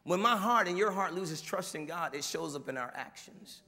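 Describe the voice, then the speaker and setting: A male pastor delivers an animated sermon in a church hall, his voice high and gravelly. The sound is bright and pressing, and it rings with a long church reverb. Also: normal speed. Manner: animated preaching, swinging from quiet asides to shouted mimicry. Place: church sanctuary.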